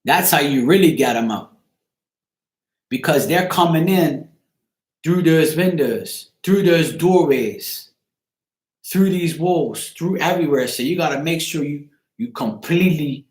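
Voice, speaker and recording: A man hosting a casual live chat, giving a viewer advice in an emphatic, repetitive way, swearing freely and checking in with "right?" again and again. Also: on the high side. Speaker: host of a live chat show. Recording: echoey room.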